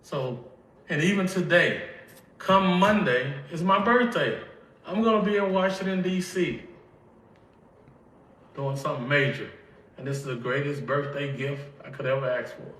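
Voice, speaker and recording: On the high side and a bit bright, this older Mississippi man's voice moves at a normal speed but pauses often. Tearful and Southern-accented, he gives an emotional testimony about his life, acting out conversations. The room is echoey and the mic is distant.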